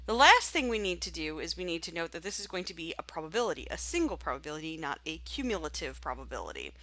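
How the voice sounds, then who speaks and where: Lady walking through stats software on screen, chatty, thinks out loud, lowish but bright voice, dry close mic. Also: sing-song, fast, no echo. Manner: chatty, thinks aloud while clicking. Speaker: statistics instructor. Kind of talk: screen-recorded software tutorial.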